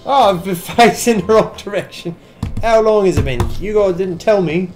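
A man's voice: high voice, normal speed, soft background music. Tipsy man in a fake British accent. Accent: put-on wandering British accent. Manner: excitable exclamations, swearing, chatting to game characters. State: tipsy from drinking. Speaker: gaming channel host. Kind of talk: VR gameplay commentary.

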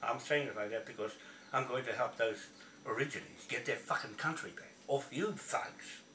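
A video blogger, a man with a mid-range voice, rants angrily to the camera at normal speed, his tone pushed and bright. He swears and repeats himself confrontationally. The recording is echoey and distant, with faint noise.

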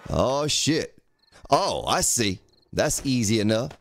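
Animated man streaming gameplay. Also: mid-range voice, slow. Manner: talks to himself while crafting, thanks viewers, swears casually. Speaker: game streamer. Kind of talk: live gameplay commentary.

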